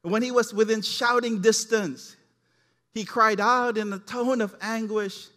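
A male pastor preaches a sermon in a vivid storytelling manner. His voice sits high for a man and he acts out each character as he goes. Long reverb from a large church hall hangs behind his words. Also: steady tone, unhurried, sharp tone.

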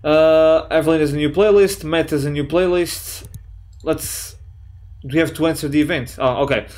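A man giving excitable, jokey let's play commentary, swearing often and reading chat messages aloud in playful voices. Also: fairly high pitch, moderate pace. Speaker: gaming YouTuber.

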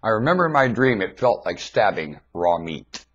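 A man with a husky voice, rambling aloud to his viewers in a webcam monologue. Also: lowish voice, very animated, normal speed, dull audio. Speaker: vlogger.

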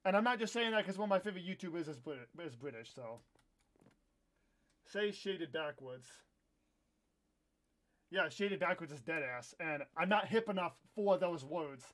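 Excitable American guy with a high voice. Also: brisk, few pauses. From United States. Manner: rambling, self-correcting, excitable bursts. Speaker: live-stream gamer. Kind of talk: casual live-stream chat while gaming.

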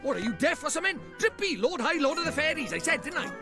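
A man's voice: extremely high pitch, sing-song, fast, over music, heavily acted. An actor playing a boastful, chatty little male fairy lord with a lilting Welsh accent in a video game. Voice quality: lilting, brash and talkative. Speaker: game character.

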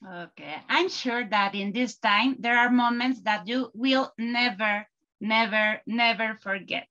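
Bright-voiced woman interviewer on a lo-fi line. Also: fairly high pitch, unhurried. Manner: brief, simple questions and short acknowledgements. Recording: dull, lo-fi sound.

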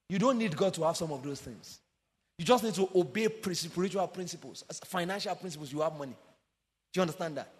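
A man preaching a sermon with passion, swinging from sung, shouted emphasis down to quiet low asides. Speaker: pastor. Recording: long hall reverb.

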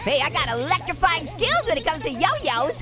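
A woman's voice: high-pitched, very animated, moderate pace. A woman hosting a gaming video, giving playful commentary with lots of giggling and puns as she teases the character on screen. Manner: giggly, punning, teasing the game character. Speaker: gaming host. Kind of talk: playful let's-play commentary.

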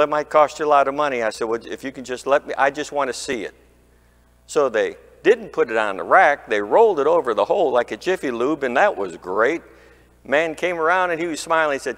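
A man preaching from the pulpit, spinning a humorous everyday story. His voice sits in a middle register and carries with a long reverb through the church sanctuary. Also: fairly bright tone. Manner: folksy, humorous anecdote with mimicked squeaks. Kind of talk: sermon storytelling.

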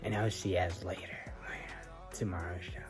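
A man's voice: sits low, steady tone, normal speed, music in the background. A man casually retelling a video for his channel, rambling with lots of fillers and often half-whispering. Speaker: reaction vlogger.

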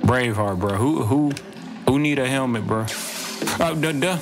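A man's voice: medium pitch, moderate pace, very noisy. A man casually commenting on his own gameplay, rambling and joking and saying bro constantly. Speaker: gaming streamer. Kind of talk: let's play commentary. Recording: game audio playing under voice.

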